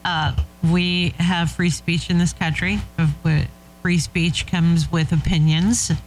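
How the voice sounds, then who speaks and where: A woman's voice: on the low side, fairly even intonation, slow pace, soft background music, low-quality recording. A woman co-hosting a talk show, speaking conversationally and chiming in with questions. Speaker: co-host. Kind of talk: casual chat.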